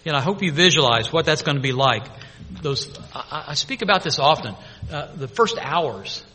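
A man preaching a sermon to his congregation, swinging between loud proclamation and hushed, intimate storytelling. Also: a little high, expressive, moderate pace, breathy edge, big-room sound. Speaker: pastor.

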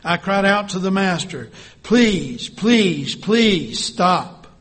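A man voicing a suffering female clay teacup who cries out in high pleading bursts. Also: animated, unhurried, sharp tone, slightly rough, heavily acted.

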